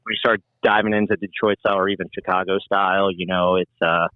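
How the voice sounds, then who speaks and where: A man from New Jersey and New York City, a guest musician telling animated stories in casual chat and swearing freely. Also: low voice, fast, no room sound, narrow, tinny audio. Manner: animated storyteller, acts out quoted voices, swears freely.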